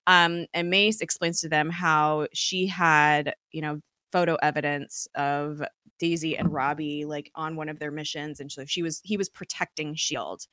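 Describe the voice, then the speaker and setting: A woman casually recapping a TV episode in a chatty, rambling way, full of fillers and quick laughs. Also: deep voice, fairly even intonation, bright, forceful tone, no echo, studio quality. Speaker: podcast host recapping a TV episode.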